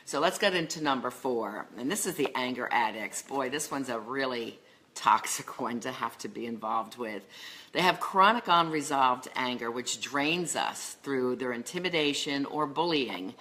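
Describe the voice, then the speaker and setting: A middle-aged woman speaks as a relationship coach, her voice very low yet bright and forceful. She talks earnestly, working through lists with the odd filler word, in the manner of a solo talk to camera. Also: lively intonation, moderate pace. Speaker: life and love coach.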